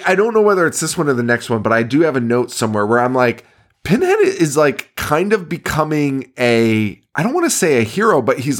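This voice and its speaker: A man's voice: on the high side, fairly bright tone. A man co-hosting a horror podcast in casual, profane chat, laughing often as he retells movie scenes. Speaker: podcast co-host.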